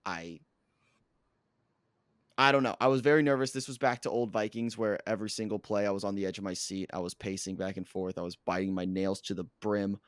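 A hoarse man who has lost his voice, co-hosting a casual podcast and bragging excitedly about his football team. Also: lowish voice, fairly quick, dry recording, clean studio sound. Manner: excitable, boastful sports fan. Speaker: podcast co-host; coach. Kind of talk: casual sports chat.

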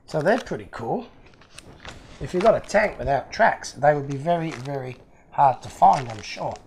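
A man's voice: a little high, animated, moderate pace, creaky, a little mellow, a little hiss or hum. A man hosting his own channel, chatting casually and with delight as he unboxes fan mail, chuckling often.

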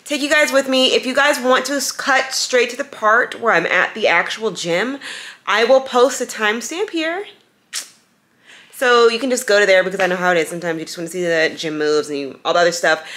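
A young woman vlogs on a handheld camera as she goes about her day, moving from home to the car and a store. Her fairly high voice is pushed and bright, and she keeps things chatty and upbeat with quick asides to her viewers.

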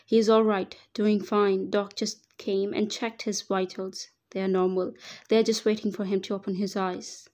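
A woman's voice: medium pitch, flat delivery, moderate pace, a little mellow, natural voice. A woman reading a stern, domineering man. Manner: curt, strict orders.

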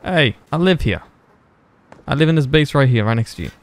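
A man's voice: medium pitch, lively intonation, a little fast. A man streaming a survival game, chatting casually and taunting other players with crude jokes. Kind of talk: casual gameplay chat.

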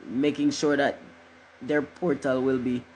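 A woman's voice: very deep voice, level tone, unhurried, darkish tone, slight background noise, rough recording. A middle-aged woman, chatting casually on a livestream in a rambling, joking way and cursing freely. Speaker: livestream host.

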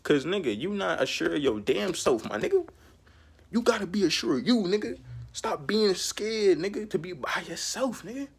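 A young man ranting casually to camera as a vlogger, profane and animated in heavy street slang, laughing as he goes. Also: high voice, normal speed, vocal fry, breathy edge. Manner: laughs often mid-rant.

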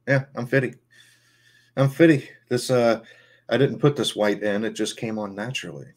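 A man's voice: on the low side, fairly quick. A man in his fifties hosting a casual podcast with jokey, hype-man greetings. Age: 50s. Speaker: podcast host. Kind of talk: casual chat.

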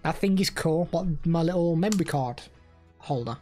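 A man's voice: fairly high pitch, expressive, normal speed, dark tone, faint music behind. A young man chatting casually on a live stream, rambling and answering chat messages.

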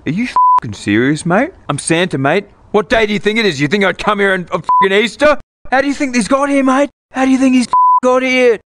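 A man plays a bad-tempered Santa, who swears through every rant. His voice sits high and bright, swinging up and down as he grumbles. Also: expressive, fairly quick, a little hiss or hum. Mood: irate. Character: foul-mouthed grumpy adult male Santa.

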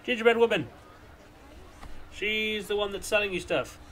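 A young man casually commenting on his own gameplay, rambling and chatty, with sudden silly shouts. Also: high-pitched, normal speed. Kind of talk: casual let's-play commentary.

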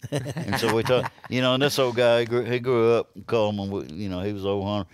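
A man's voice: mid-range voice, fairly quick, no room sound. Middle-aged Southern man, Alabama accent, easygoing storyteller, dry close mic. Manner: lively yarn-spinner who acts out quoted lines. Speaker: podcast guest. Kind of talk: casual storytelling.

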